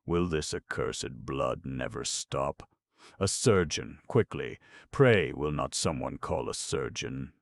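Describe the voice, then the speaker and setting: Brief: male reader playing a grief-stricken fatherly sculptor, fervent and anguished, low gravelly tone. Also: animated, slow pace, no echo, clean studio sound, exaggerated voice.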